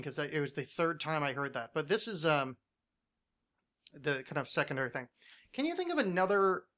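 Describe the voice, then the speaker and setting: A man's voice: on the high side, pushed and bright. Ranting, swearing man. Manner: ranting, swears a lot, many restarts. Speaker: podcast host. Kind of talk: casual podcast chat.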